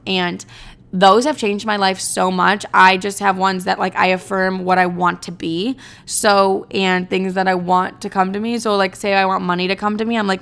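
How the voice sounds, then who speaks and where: Gravelly-voiced chatty young woman. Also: medium pitch, a bit bright. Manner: chatty, profane, self-mocking, says "like" a lot. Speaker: vlogger. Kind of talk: casual chat.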